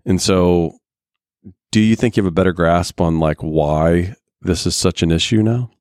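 Man, very low voice, dry close sound, probing questions, youth group leader. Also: normal speed, a little mellow, no echo. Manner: probing, jokey, asks follow-up questions. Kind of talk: group discussion.

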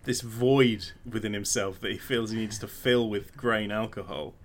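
A man's voice: fairly low pitch, fairly even intonation, normal speed. A man co-hosting a casual podcast, making dry, mocking quips. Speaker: podcast co-host. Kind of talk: casual chat.

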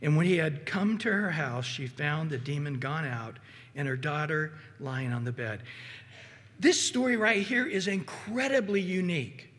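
A man preaching a sermon as pastor, animated and acting out quoted voices. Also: a little high, moderate pace. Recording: hall reverb.

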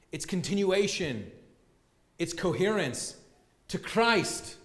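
Male pastor, sermon delivery, emphatic and repetitive, slightly high voice, roomy hall reverb. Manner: emphatic, repeats key words for stress. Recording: echoey hall with long reverb.

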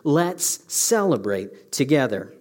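Commanding old-world master read by a male preacher, slow and weighty. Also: medium pitch, sing-song, darkish tone, pitched below the performer's own voice. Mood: solemn. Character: stern ancient master of servants, male, commanding.

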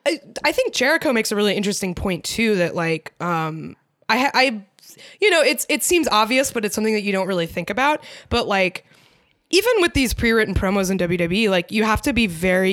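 A woman's voice: medium pitch, a bit bright, no room sound. Woman cohosting a podcast, chatty, laughs a lot, lots of likes and ums, dry close sound. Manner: chatty, laughs often, many fillers. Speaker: podcast co-host. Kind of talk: casual chat.

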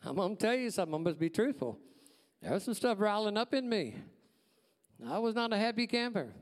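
Casting: man, lively storytelling testimony, big reverberant church hall. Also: high-pitched, a little fast. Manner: folksy, animated storyteller acting out dialogue. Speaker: church staff member giving a testimony.

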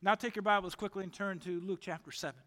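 A man preaching a sermon as pastor, delivering emphatic declarations in quick succession. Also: sits high, steady tone, sharp tone. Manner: emphatic, rapid-fire declarations. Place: church sanctuary. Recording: long hall reverb.

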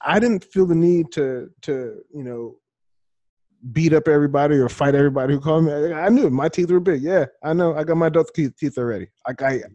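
A man in his thirties chatting as a guest, halting and often repeating words as he thinks. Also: on the high side, dark tone, no echo, muffled recording. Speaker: podcast guest. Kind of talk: casual chat.

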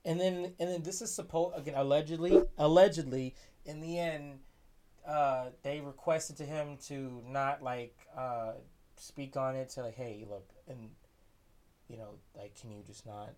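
Earnest man, slightly high voice, arguing his point. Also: fairly even intonation, a little slow, dark tone. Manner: earnest, argumentative, hesitant restarts. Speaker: podcast co-host. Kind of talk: casual chat.

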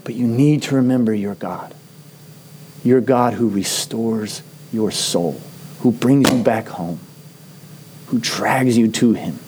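A middle-aged man, a pastor, preaching a sermon in an earnest, conversational storytelling manner with slow, emphatic phrases. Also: mid-range voice, a little mellow, slight background noise.

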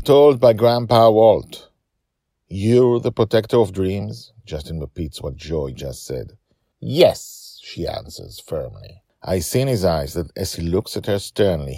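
A man's voice: a bass voice, darkish tone, dry recording, clean studio sound. A man hosting a story podcast, narrating steadily with casual asides.

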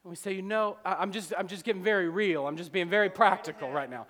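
A male pastor preaching a fervent sermon, moving between soft confiding passages and loud shouted appeals. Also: high voice, fast talker, hardly any pauses, long reverb tail. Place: church sanctuary with long reverb.

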